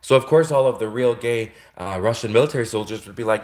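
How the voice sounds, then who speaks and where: A man's voice: medium pitch, fast, few pauses. A man ranting on a casual livestream, rambling and repeating himself, with frequent restarts and chuckles, in an echoey room. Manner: rambling, repetitive, with frequent self-corrections and chuckles. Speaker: livestream host.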